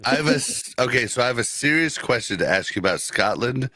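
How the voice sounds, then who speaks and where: A man's voice: mid-range voice, lively intonation, fast, bright, forceful tone, dry recording, studio quality. A middle-aged man chatting as a guest, asking eager, joking questions. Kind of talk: casual chat.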